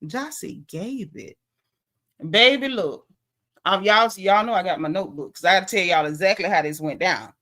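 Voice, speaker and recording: A woman's voice: on the low side, brisk, sharp tone. A woman recapping a reality show in casual, gossipy chat, acting out what the cast said.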